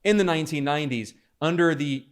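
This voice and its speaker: Man, political commentator, emphatic and polemical, slightly high voice, faint hiss behind. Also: brisk. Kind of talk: monologue commentary.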